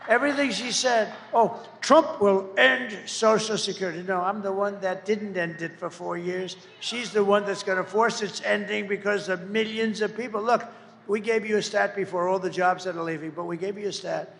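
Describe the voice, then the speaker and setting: A political candidate gives a boastful, rambling campaign rally speech, mocking his opponents along the way. His voice sits high, creaky and a bit bright, with fairly even intonation at a moderate pace. The large rally venue echoes, with faint background noise.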